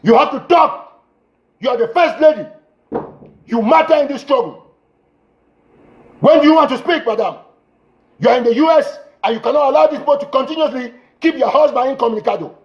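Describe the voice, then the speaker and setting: Man, very high voice, urgent livestream appeal, repeated exhortations, bursts of shouting, phone mic. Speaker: political commentator.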